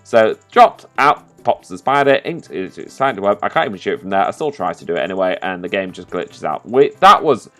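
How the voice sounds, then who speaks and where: A man giving casual, sweary commentary over a video game, bursting into loud, excited outbursts. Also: low-pitched, fast, few pauses, faint music behind. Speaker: gaming commentator. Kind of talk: post-play game commentary.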